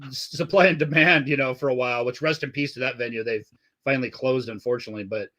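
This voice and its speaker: A middle-aged podcast host with a mid-range, sharp voice and fairly even intonation talks fast over remote call audio. His casual chat rambles through old stories, full of swearing and frequent laughter.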